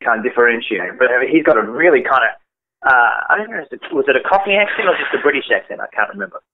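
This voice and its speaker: A man's voice: mid-range voice, expressive, fast, slight background noise. A man from Australia with an Australian accent, a musician chatting casually as an interview guest over the phone. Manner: chatty, laughing easily, multitasking. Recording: tinny dry phone line.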